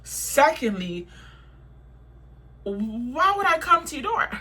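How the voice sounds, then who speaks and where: A young woman tells a storytime vlog in a bright, sharp voice. She vents heatedly, swearing and repeating her points for emphasis. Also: high voice, big pitch swings, slow pace. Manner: heated, profane, repetitive venting.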